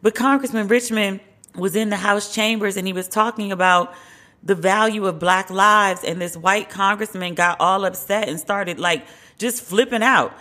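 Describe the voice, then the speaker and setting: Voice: medium pitch, moderate pace, pushed and bright. Wry, candid solo podcast host. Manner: candid and wry, slangy asides. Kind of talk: casual solo podcast commentary.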